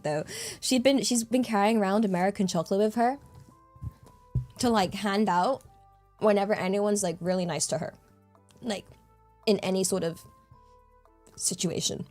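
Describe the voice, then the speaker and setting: A woman's voice: medium pitch, unhurried, pauses often, a little mellow, faint music behind. Chatty young British woman streamer. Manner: chatty and giggly, full of fillers. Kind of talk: casual chat.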